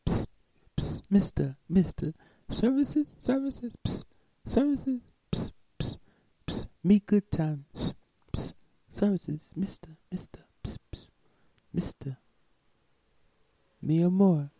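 A man voicing a persistent female street hustler who calls out in hushed, hissing whispers. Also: sits high, lively intonation, takes it slowly, pauses often, no echo, voice pushed up, exaggerated voice, rough recording. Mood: insistent. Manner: whispered hissing come-ons.

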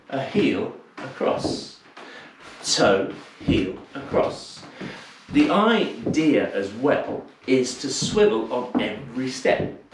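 A man teaching a live online dance class, counting the steps aloud in rhythm and explaining them in a chatty way between counts, a little out of breath. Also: mid-range voice. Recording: echoey room, distant mic, noisy.

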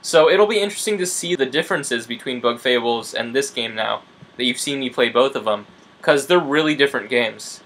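A young man casually commenting on a video game he is playing, excitable and talking to his viewers. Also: mid-range voice, brisk, slight background noise. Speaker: let's play gamer. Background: game music.

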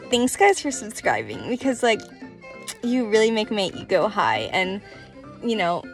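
A woman's voice: sing-song, unhurried. A young woman talking casually to her phone camera in a rambling, self-deprecating vlog, with faint music behind. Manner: rambling, bubbly, self-deprecating, sing-song swings in pitch. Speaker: vlogger. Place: home and car.

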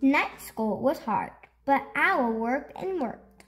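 A woman reads a children's picture book aloud as a storytime host. Her voice sits fairly high and moves about lively, stretching words out at an unhurried pace. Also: faint music behind. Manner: expressive, slow storytelling with drawn-out words.

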